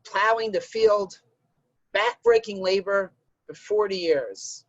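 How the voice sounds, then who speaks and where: A man's voice: high voice, wildly swooping pitch, slow pace, vocal fry, dry recording, muffled recording, exaggerated voice. A man voicing God as a kindly, easygoing male creator who hands out tasks in a folk tale. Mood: generous. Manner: easygoing, bargaining tone.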